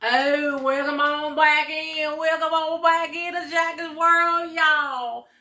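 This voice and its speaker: A woman putting on a hammy, drawn-out show-host persona of herself in an echoey kitchen. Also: high voice, fairly even intonation, pushed and bright, slight background noise, pitched above the performer's own voice, exaggerated voice. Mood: showy. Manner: drawn-out, showy announcer delivery.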